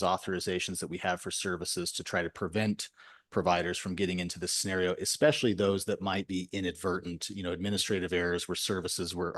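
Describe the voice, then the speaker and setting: A man who directs a state health department, answering legislators' questions in formal committee testimony, measured and bureaucratic with frequent fillers. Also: low voice, no room sound, studio quality.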